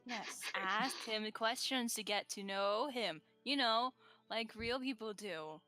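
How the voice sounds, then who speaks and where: A woman's voice: a little high, slow pace, sharp tone, faint music behind. A woman playing a tabletop role-playing game, teasing and giggling as she plays. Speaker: player. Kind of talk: casual tabletop role-play.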